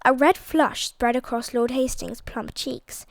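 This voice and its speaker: A woman narrating an audiobook in a lively, expressive storytelling manner. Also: high-pitched, a little slow, vocal fry, no echo.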